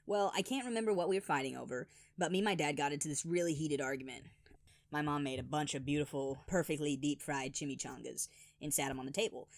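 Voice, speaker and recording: A man telling funny childhood stories in an animated, exaggerated voice-over. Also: on the high side, fast, no echo. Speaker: storyteller. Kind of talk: animated comedic storytelling.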